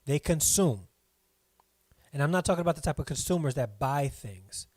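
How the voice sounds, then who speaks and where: A man's voice: on the high side, lively intonation, normal speed, darkish tone, no room sound. A middle-aged man hosting a live stream from home, chatting casually, rambling and reading viewer comments aloud.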